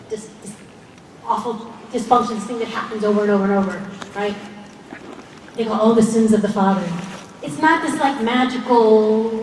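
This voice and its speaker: An actress at a fan convention panel, speaking earnestly and passionately with frequent laughs. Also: female voice, a little high, slight background noise. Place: large convention hall. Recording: echoey hall, voice far off, faint crowd ambience.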